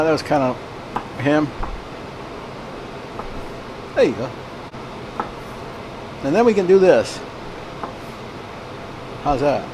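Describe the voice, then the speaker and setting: A man's voice: a little high, a little mellow, slight background noise. A man hosting a casual home cooking demonstration in a kitchen, talking in a rambling way and checking in with "all right?" as he goes. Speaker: home cooking show host. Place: kitchen at a veterans' hall.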